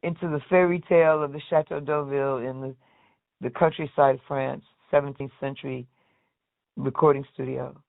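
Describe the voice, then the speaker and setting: A woman from the United States, a singer interviewed as a guest, telling a long story in a lively way and acting out the voices of the people she quotes. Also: extremely low pitch, moderate pace, gravelly, no echo. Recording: tinny phone-like line, dry.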